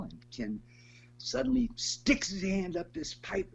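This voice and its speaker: An older man, a guest in a conversational interview, telling stories in an animated way and laughing as he goes. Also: very high voice, unhurried, vocal fry, muffled recording, slight background noise. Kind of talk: conversational storytelling.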